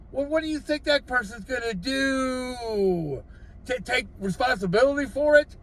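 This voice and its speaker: A man's voice: very high voice, lively intonation, a little slow, fairly bright tone. An older man, a gig delivery driver, giving blunt, exasperated advice in a casual vlog from his vehicle. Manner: blunt, exasperated, lecturing with rhetorical questions.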